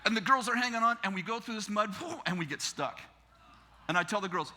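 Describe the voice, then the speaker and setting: In a church sanctuary, an American pastor in his fifties tells a story during his sermon, laughing and animated as he impersonates the other people involved. His voice is high-pitched and a little fast.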